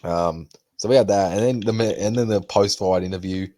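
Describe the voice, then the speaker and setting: A man's voice: deep voice, a little fast. A young man hosting a casual podcast, talking loosely and swearing often. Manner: swears a lot, animated retelling with put-on quotes. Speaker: podcast host. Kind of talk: casual chat.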